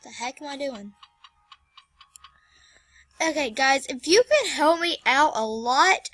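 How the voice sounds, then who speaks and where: A woman's voice: high voice, expressive, takes it slowly, long pauses, fairly bright tone, no echo. A young woman hosting a casual let's-play, flustered and exclaiming as she plays. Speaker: gameplay channel host.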